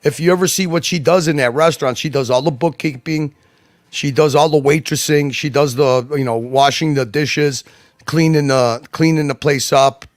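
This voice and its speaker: A man's voice: on the high side, moderate pace, no room sound, studio quality. A man talking as a guest on a livestream, rambling and emphatic, with many restarts and asides. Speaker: guest commentator. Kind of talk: casual livestream chat.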